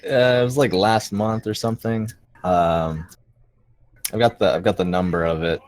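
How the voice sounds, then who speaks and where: Deep-voiced laid-back man. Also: normal speed, a little mellow. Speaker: player. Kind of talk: casual tabletop play over video call. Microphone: video call.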